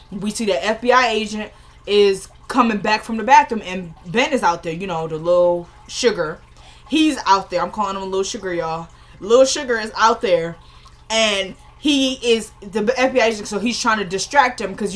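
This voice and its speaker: A woman's voice: mid-range voice, fairly quick. Chatty young woman recapping a show. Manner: chatty and rambling, laughing often and joking with viewers. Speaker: TV episode recap vlogger. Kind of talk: casual chat.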